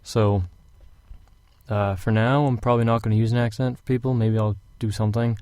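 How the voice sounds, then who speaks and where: This young audiobook reader, working in a hot room at home on a fantasy novel, has a fairly low voice and talks a little fast. His tone is clean with no echo, and he opens with loose, casual chatter before reading steadily.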